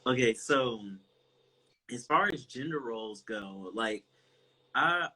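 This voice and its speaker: A young man, a guest in a casual interview, relaxed and halting, with many "like" fillers. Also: mid-range voice, husky, low-quality recording. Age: young adult.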